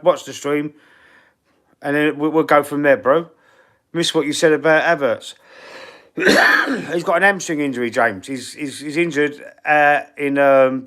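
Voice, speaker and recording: A man from East London with a Cockney accent and husky, wheezy breathing, hosting a casual live-stream Q&A in a blunt, slangy way. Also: fairly high pitch, fairly bright tone. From East London, England. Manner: blunt, slangy and chatty, calling viewers bro and mate. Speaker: fan channel live streamer.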